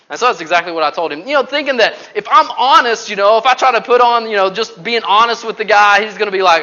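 A man preaching a sermon, telling stories with animated swings from loud to hushed. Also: sits high, fast, few pauses, lo-fi sound. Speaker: pastor.

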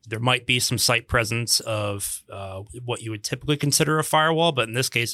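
A man's voice: medium pitch, bright, forceful tone, no echo. A man co-hosting a podcast, explaining technical topics in a casual, chatty way, with dry jokes and many restarts. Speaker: podcast co-host.

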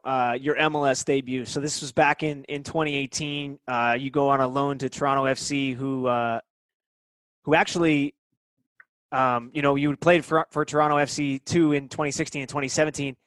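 A man's voice: mid-range voice, fairly even intonation, brisk, a bit bright, dry recording. A man hosting a sports podcast, asking questions in a chatty, encouraging way. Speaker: podcast host. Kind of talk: interview questions.

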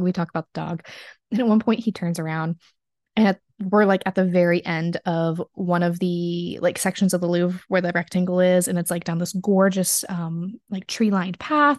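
A woman's voice: fairly low pitch, darkish tone, no echo, studio quality. Bubbly young woman telling a story. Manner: bubbly, chatty, laughs often, many fillers. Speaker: podcast host. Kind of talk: casual storytelling monologue.

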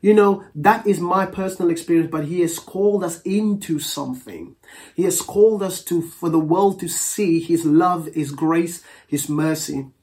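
Delivering a Pentecostal sermon, a slightly mellow, mid-pitched preacher reads scripture slowly and with care. They pray earnestly in a measured rhythm and prompt the congregation for responses.

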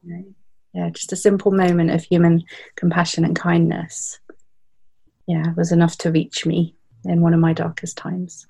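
British woman, 30s, interview guest; warm, darker tone, heartfelt and reflective. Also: on the low side, completely flat delivery, normal speed, vocal fry, breathy edge. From Britain. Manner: reflective, heartfelt, with frequent fillers. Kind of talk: candid interview storytelling.

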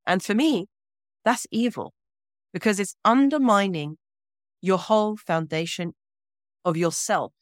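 A woman from Britain, a guest scholar speaking in a measured, earnest way with deliberate pauses in an interview. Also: mid-range voice, no echo, clean studio sound. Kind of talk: reflective interview talk.

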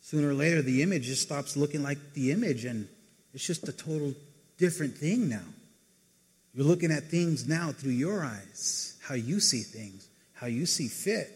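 A man preaching a casual sermon, talking conversationally to the congregation and acting out people's lines in quick asides. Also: fairly high pitch, lively intonation, husky. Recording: reverberant hall.

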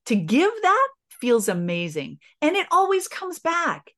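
A woman's voice: high-pitched, wildly swooping pitch, unhurried, fairly bright tone. A middle-aged woman, a podcast guest, telling a personal story in an earnest, emotional way, with many restarts.

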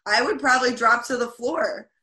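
A young woman hosting a casual talk, chatty and blunt, who often says "like". Her voice is bright and forceful. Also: fairly high pitch, moderate pace. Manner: chatty and blunt, with frequent "like" and laughs. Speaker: podcast host. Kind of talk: casual conversation.

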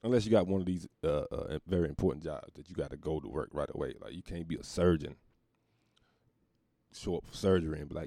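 A man's voice: extremely low pitch, fast, creaky, dark tone, no echo, studio quality. A young adult man hosting a podcast, riffing profanely and laughing often. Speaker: podcast host. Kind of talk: casual comedic monologue.

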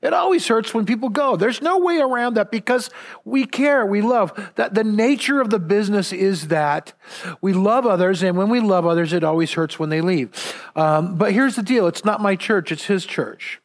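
High-voiced earnest preacher. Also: male voice, moderate pace. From Southern California. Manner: earnest, repeats words when stressing a point. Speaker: pastor. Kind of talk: sermon.

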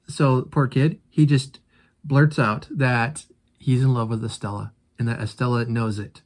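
A man's voice: medium pitch, measured pace, darkish tone. A male host walks his audience through a classic novel in a casual commentary. He retells each scene animatedly and reacts to it as he talks.

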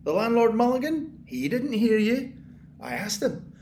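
An actor playing an exhausted, paranoid male tenant in an audio drama, muttering and taunting, then bursting into angry shouts. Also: very high voice, sing-song, a little slow, a little hiss or hum. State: exhausted and sleepless. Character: paranoid sleepless male tenant, bitter and unraveling. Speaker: sleepless tenant hearing noises in the walls.

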